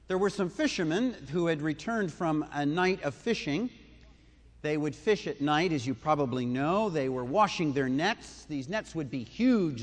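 A man's voice: on the high side, big-room sound. A man preaching a sermon, retelling a story conversationally with asides and questions to the listeners. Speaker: pastor.

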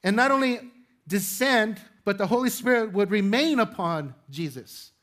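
A man's voice: high voice, animated, normal speed, fairly bright tone. A male pastor preaching to his congregation in a conversational way, with rhetorical questions and light humor. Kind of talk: sermon. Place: church sanctuary with congregation.

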